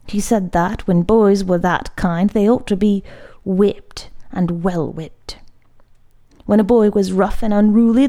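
A woman reading a literary short story aloud in a measured, unhurried way, sometimes dropping to a hushed near-whisper. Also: medium pitch, creaky. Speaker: audiobook reader.

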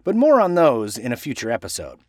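A man from Washington state hosting a podcast, reading a script playfully and spelling out place names slowly to correct how they are said. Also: medium pitch, huge pitch swings, no room sound, clean studio sound. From Washington state, USA. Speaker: podcast host.

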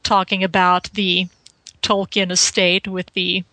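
Speaking in a fairly low, sharp voice with a flat delivery and measured pace, a woman in her forties chats casually on a podcast. She's thoughtful and hesitant, often saying "you know" and other fillers, in a low-quality recording with slight background noise.

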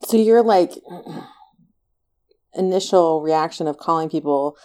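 A woman's voice: sits low, takes it slowly, warm tone. A woman interviewing a guest, asking engaged, reflective follow-up questions. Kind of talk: conversational interview.

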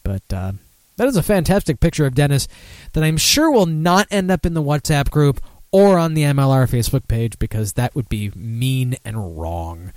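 A man's voice: mid-range voice, darkish tone, no room sound. A man hosting a casual live-stream beer podcast, rambling, swearing and laughing at himself. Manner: rambling, profane, self-mocking, laughs often. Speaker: podcast host.

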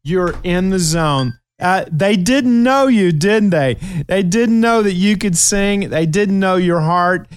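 A man's voice: high voice, slow pace, clear, resonant tone, no echo. Earnest Kentucky man telling stories. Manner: emotional, earnest storytelling with many fillers. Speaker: show host. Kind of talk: casual radio talk show chat.

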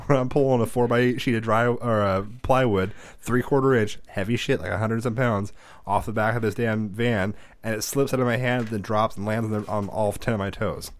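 A man in his thirties, a podcast co-host, telling rowdy, profane stories and shouting when he acts out scenes. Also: on the low side, moderate pace, dry recording. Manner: profane, animated storyteller who shouts when reenacting. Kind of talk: casual chat.

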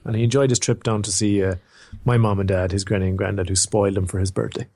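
On a podcast, a young male co-host chats and jokes in a rambling way, packing his speech with "like" and "um." His voice is fairly low and a little mellow, with fairly even intonation and a quick pace.

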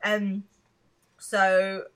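A woman co-hosting a podcast in casual chat, recapping a TV episode, laughing often and pausing with hesitant ums. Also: mid-range voice, monotone, fairly bright tone, clear, resonant tone. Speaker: podcast co-host.

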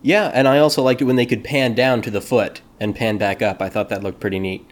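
A man's voice: medium pitch, little pitch movement, a little fast. A man hosting a casual podcast discussion, talking in a playful, jokey way. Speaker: podcast host.

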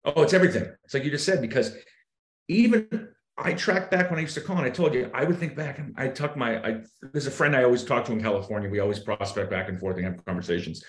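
A man in casual podcast chat, telling sales stories and acting out his phone pitches with shifting tone. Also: fast. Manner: animated, acts out sales calls with shifting tone. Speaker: real estate agent, guest. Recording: roomy echo.

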